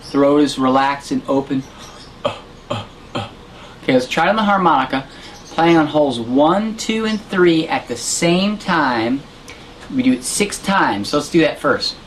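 A man teaching a harmonica lesson, explaining technique in a relaxed way and correcting himself as he goes. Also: a little high, normal speed, a little hiss or hum, low-quality recording. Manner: demonstrates sounds and counts beats aloud. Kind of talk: instructional lesson.

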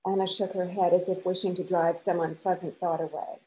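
Mellow-voiced woman reading a novel aloud. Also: on the low side, low-quality recording. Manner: measured, expressive reading. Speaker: author and professor reading to a class.

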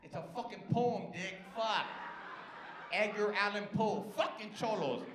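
A man's voice: high voice, normal speed. A male stand-up comedian doing brash, profane, teasing crowd work on a club stage. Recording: echoey club with crowd noise.

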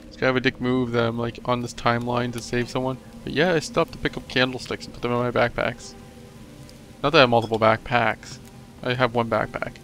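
A man's voice: mid-range voice, a bit bright. A young man commenting on his game as a let's play host, joking and rambling and talking back at the enemies. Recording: noisy home recording.

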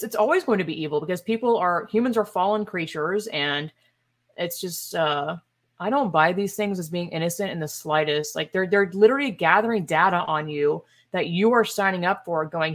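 A woman's voice: fairly low pitch, normal speed. A woman hosting a podcast, delivering a casual commentary monologue in a sarcastic, exasperated and emphatic way, with scoffing asides. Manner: opinionated and emphatic. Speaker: podcast host.

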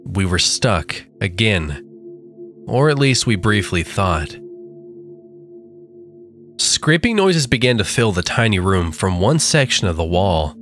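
A man narrating a creepy story in a measured, dramatic storytelling manner. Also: sits low, big pitch swings, fairly bright tone. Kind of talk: scripted horror narration. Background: faint background music.

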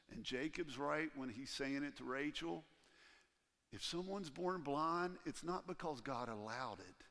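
A man preaching a sermon as pastor in a church, animated and acting out the voices he quotes. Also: mid-range voice, big-room sound. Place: church sanctuary.

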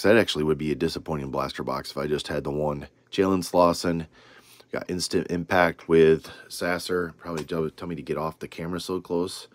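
A man's voice: deep voice, slight background noise. A man hosting a casual card-opening video, reading off names with rambling asides. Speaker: trading card channel host.

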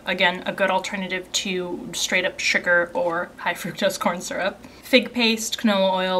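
A young woman with a mid-range voice chats casually through a snack tasting, reading ingredient lists aloud and trailing off into soft asides. She sounds close to the mic, with a faint hiss behind her. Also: medium pitch. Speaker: beauty and subscription box vlogger. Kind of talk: casual unboxing and tasting review.

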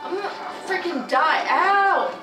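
A woman with a high voice gives loose, foul-mouthed commentary on her video game playthrough, cursing at enemies and pleading with the game. She is picked up from a distance in a roomy, echoing space, with game music playing loudly behind her. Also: unhurried. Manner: excitable, swears a lot, yelps and shouts at the game. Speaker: gamer doing a playthrough. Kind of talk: casual let's play commentary. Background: video game music and sounds.

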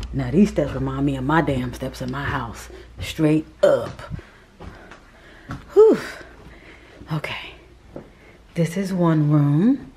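A woman's voice: deep voice, mellow, a little hiss or hum. A woman chatting candidly and casually as she tours a model townhouse for her vlog, often dropping into a whisper. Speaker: vlogger. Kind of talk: casual chat while touring a model home.

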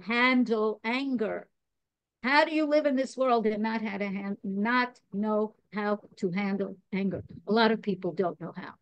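A woman's voice: fairly high pitch, dry recording. A woman from New York, a podcast guest, talking in a chatty, digressive way, laughing at herself and earnest about spiritual growth. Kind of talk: casual chat.

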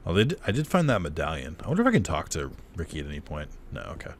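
A gameplay commentator with an extremely low-pitched voice races through casual let's-play talk, his pitch swinging hugely. He chats, laughs and swears freely at what happens on screen, with a little hiss or hum in the audio.

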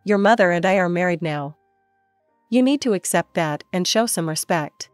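A woman's voice: lowish voice, expressive, moderate pace, no echo, clean studio sound, faint music behind, natural voice. A woman narrator voicing a stern, cold middle-aged stepfather in a story.

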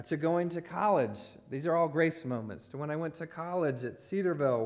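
A pastor in his forties, with a medium-pitched and slightly mellow voice, preaches in a church sanctuary. He tells a personal story peppered with self-deprecating jokes, laughing at his own humor.

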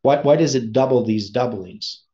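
A man teaching an informal Bible study, speaking haltingly and often stopping to search for words. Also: medium pitch, mellow. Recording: dull lo-fi recording.

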